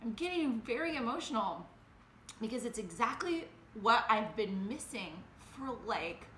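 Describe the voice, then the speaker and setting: A high-voiced woman in her thirties delivers a motivational monologue as a podcast host. Her tone is crisp and bright, and she swings between rapid excited bursts and slow, quiet emphasis. The recording carries a noticeable roomy echo. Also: a little hiss or hum. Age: 30s.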